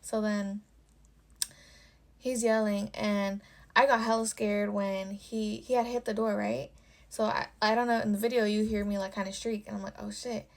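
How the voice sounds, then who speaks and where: A woman's voice: mid-range voice, little pitch movement, moderate pace, gravelly. A young woman telling a personal story in a casual vlog, swearing and filling her speech with "like.". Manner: casual and profane, with constant "like" fillers. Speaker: storytime vlogger.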